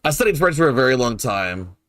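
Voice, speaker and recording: A male streamer chats casually with his viewers mid-game, trailing off and repeating himself as he works through how to say things. His tone is curious and playful, at a middling pitch. The sound is close and dry, with no room around it. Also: big pitch swings, fairly quick, a bit bright, dry recording. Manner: hesitant, repeats words while puzzling over pronunciation. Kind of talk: casual chat with viewers while gaming.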